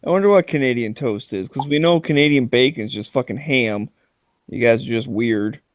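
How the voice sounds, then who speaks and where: Teasing man on voice chat, mid pitch, very dry sound. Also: normal speed, dry recording. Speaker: chat participant. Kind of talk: casual chat.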